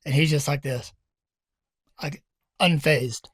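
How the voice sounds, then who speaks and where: A man's voice: a little high, slow pace, a bit bright, breathy edge, no echo. A man co-hosting a casual podcast who talks bluntly and loosely, swears freely, and often cuts in over his partner. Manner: blunt, loose and profane, jumps in over others. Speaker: podcast co-host. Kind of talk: casual chat.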